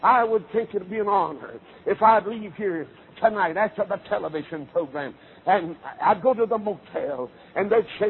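A man's voice: sits high, normal speed. A male preacher delivering a revival sermon in a chanting cadence, starting nearly every phrase with "uh". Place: auditorium, televised service. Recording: tinny, phone-like broadcast audio.

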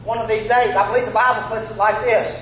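A man preaching a fervent sermon, shouting out lines and acting out Bible figures in a folksy way. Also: sits high, steady tone, quick pace, slight background noise. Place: church sanctuary. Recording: echoey room, muffled.

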